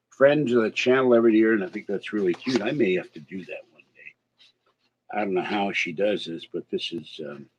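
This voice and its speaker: A man whose voice is on the low side and a bit rough rambles through a casual vlog, talking to camera and complaining about his day. The sound is lo-fi and slightly dull.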